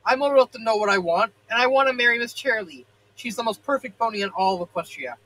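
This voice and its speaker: A man's voice: extremely high pitch, lively intonation, quick pace, sharp tone, slight background noise, heavily acted, poor audio. A man reading a young pony filly who is upset and insistent, in a storybook fan fiction reading. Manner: tearful, insistent and pleading.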